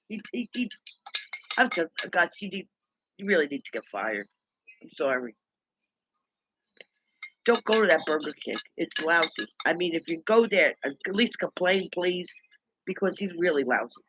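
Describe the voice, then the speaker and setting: A woman rants through a rambling story in a casual live stream, going back over each conversation and repeating herself. Her voice is bright and forceful, recorded close and dry. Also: lowish voice, animated, a little slow, long pauses, slightly rough, no echo, rough recording. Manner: ranting, repetitive, retells conversations. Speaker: livestream host.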